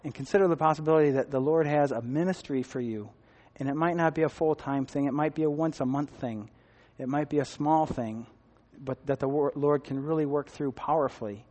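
A man with a somewhat high voice tells a church testimony, acting out the dialogue and laughing along the way. His voice rings in a long hall reverb. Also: fairly quick, hardly any pauses, a little mellow. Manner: storytelling with quoted dialogue and laughter. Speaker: church speaker giving a testimony. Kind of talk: testimony sermon.

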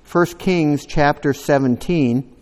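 A man's voice: fairly high pitch, takes it slowly, darkish tone, in a large hall. A man preaching a sermon, reading scripture aloud with rising emphasis and adding conversational asides to the congregation. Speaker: pastor.

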